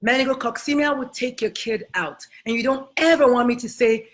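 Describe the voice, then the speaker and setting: A woman with an accent, a doctor speaking on a live health stream. Her voice sits fairly high. She talks in an emphatic, motherly way and warmly calls her viewers honey. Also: expressive, brisk, few pauses. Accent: non-American accent.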